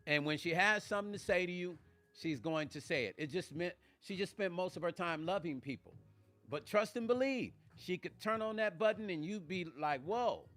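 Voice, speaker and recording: A man's voice: high-pitched, a bit bright. A man with a New Jersey accent hosting a casual live-stream vlog, chatting with viewers and answering their comments by name.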